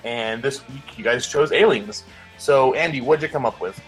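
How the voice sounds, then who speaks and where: A man's voice: mid-range voice, moderate pace, faint music behind, rough recording. A man co-hosting a casual movie podcast, laid-back and full of fillers. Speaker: co-host.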